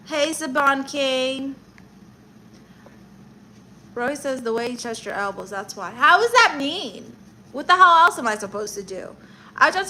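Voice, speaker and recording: Woman streamer-comic, casual chat-reading, teasing delivery, bright higher voice, faint room noise. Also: rough recording. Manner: sassy, teasing banter with viewers. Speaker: livestream host reading chat; stand-up comedian.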